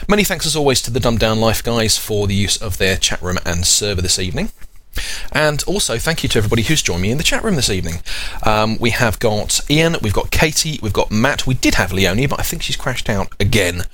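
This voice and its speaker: Low-voiced, animated rambling podcast host man. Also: brisk. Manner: rambling, chatty, self-correcting. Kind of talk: casual chat.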